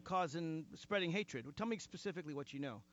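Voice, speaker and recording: A man's voice: a little high, lively intonation, fairly quick, fairly bright tone, highs cut off, slight background noise. A man hosting a talk radio show, leading guests with emphatic, indignant remarks.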